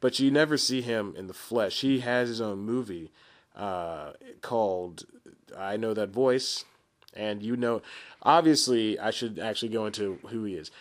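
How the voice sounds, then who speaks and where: Slightly slow and on the low side, this twenty-something man hosts a podcast alone. He talks in a chatty, self-mocking way, often laughing, restarting sentences, and wandering into asides.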